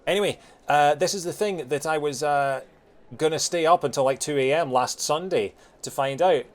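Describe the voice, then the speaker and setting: A man in his thirties with a softened Scottish accent, chatting casually with viewers while streaming a game, rambling with many fillers. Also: on the high side, normal speed. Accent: Scottish, softened by years in England. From Scotland.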